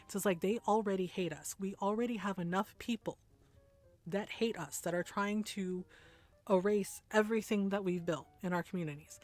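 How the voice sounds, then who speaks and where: A woman streamer chatting casually while gaming, emphatic and quick to laugh and swear. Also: mid-range voice, soft background music.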